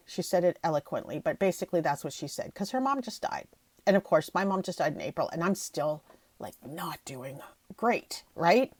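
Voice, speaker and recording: A woman's voice: on the low side, very animated, moderate pace, darkish tone, dry recording. Emotional woman podcaster, dry close sound. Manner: emotional, gushing, voice catching near tears; rambling with frequent restarts. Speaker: podcast host. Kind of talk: emotional solo podcast talk.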